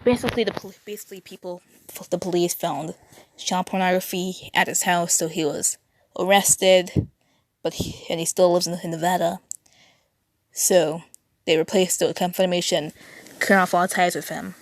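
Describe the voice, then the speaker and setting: A woman's voice: lowish voice, fairly even intonation, normal speed, no room sound. A young adult woman reading text aloud, often tripping over words and correcting herself, with exasperated asides. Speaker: video creator.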